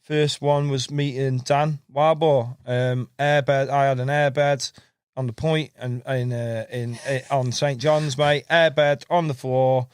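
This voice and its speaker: A man's voice: mid-range voice, fairly even intonation, slow pace, smooth, no echo, studio quality. A man, telling rambling fishing stories as a podcast guest, laughing and calling people mate. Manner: rambling, laughing, repeats words, says mate a lot. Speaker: podcast guest, carp angler. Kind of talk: casual storytelling chat.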